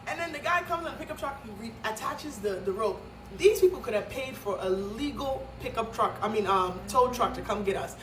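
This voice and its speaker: A woman's voice: on the high side, animated, normal speed, a bit bright, a little hiss or hum. A woman from Nigeria telling a story in a vlog, dramatic and emphatic, with many fillers. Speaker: vlogger. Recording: echoey room, mic at a distance.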